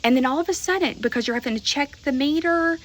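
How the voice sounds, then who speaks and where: A woman's voice: high-pitched, fast, slight background noise, low-quality recording. A woman venting to camera in an exasperated way, often repeating herself and swearing mildly.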